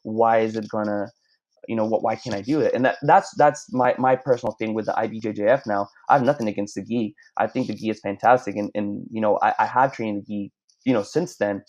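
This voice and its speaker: A man chatting casually in an interview, telling stories in a halting, rambling way. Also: fairly low pitch, steady tone, darkish tone. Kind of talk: casual chat. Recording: dull lo-fi sound.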